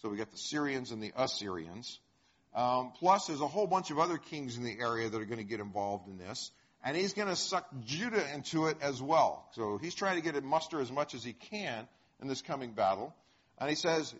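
A man teaching a Bible lesson, retelling the story in a conversational, animated way with chuckles. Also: mid-range voice, moderate pace, slightly rough. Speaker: preacher. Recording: dull lo-fi recording.

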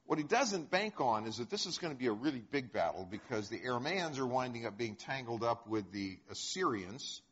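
A man teaching a Bible lesson, retelling the story in a conversational, animated way with chuckles. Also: mid-range voice, fairly quick, few pauses, slightly rough. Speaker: preacher. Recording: dull lo-fi recording.

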